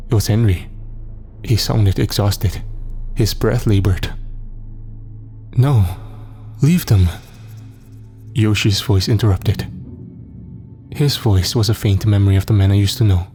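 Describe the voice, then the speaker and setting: A man narrating a first-person horror story in a steady, somber way. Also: on the low side, moderate pace, faint music behind.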